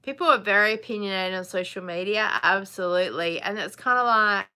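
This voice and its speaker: A woman's voice: medium pitch, a little fast, sharp tone, clean tone. A woman, hosting a casual live chat, chatty and blunt, laughing often. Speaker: live stream host.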